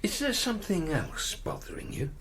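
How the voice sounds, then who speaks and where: An actor playing a gentle, worried middle-aged father. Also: high-pitched, sing-song, normal speed, background noise. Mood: coaxing. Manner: soft, coaxing. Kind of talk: audio drama acting.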